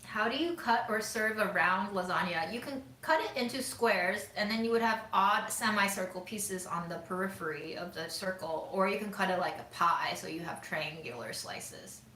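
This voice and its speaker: A woman hosting a casual livestream, reading and answering viewer comments in a relaxed, musing way with many "um"s and some half-whispered asides. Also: mid-range voice, normal speed. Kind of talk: casual chat. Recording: echoey room with faint ambient noise.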